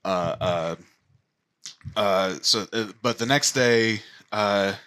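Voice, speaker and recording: A man narrating as game master of a tabletop game, speaking haltingly with many fillers. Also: fairly low pitch, a bit bright, smooth.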